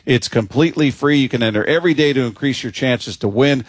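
A man hosting a sports radio show, teasing guests and reading a contest promo in a brisk way. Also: medium pitch, no echo. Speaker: radio host. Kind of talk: radio hosting and live read.

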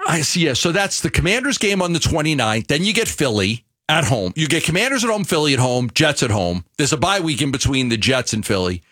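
Co-hosting a sports radio show, a New Yorker with a fairly high-pitched voice chats casually. His delivery is animated yet halting, full of restarts.

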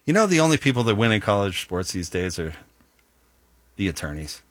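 A man's voice: lowish voice, big pitch swings, a little fast, fairly bright tone, no echo. A man hosting a casual sports talk show, playful and conversational.

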